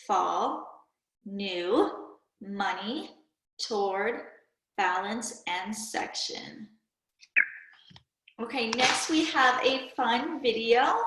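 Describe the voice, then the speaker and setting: Woman teacher for a kids' video lesson: slow, careful, slightly high voice, recorded in a roomy echo. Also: fairly bright tone. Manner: slow, clear, patient classroom delivery with prompts to pause. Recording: echoey room.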